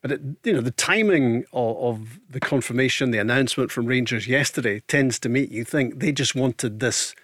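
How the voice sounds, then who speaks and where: A man's voice: medium pitch, normal speed, few pauses, a bit bright, no room sound. A man hosting a football radio show in a studio, steering the chat and reading out draw updates in an orderly way. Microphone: studio microphone.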